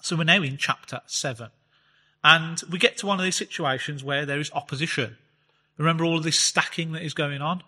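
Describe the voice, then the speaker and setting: A man giving a chatty Bible teaching talk, reading scripture slowly and explaining it with fillers. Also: fairly high pitch, fairly even intonation, bright, forceful tone. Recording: long reverb, hall-like space.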